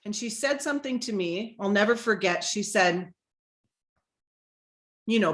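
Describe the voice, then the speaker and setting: A middle-aged woman hosting a live motivational talk, telling a personal story and acting out the quoted lines in a higher voice. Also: animated, a little slow, pauses often.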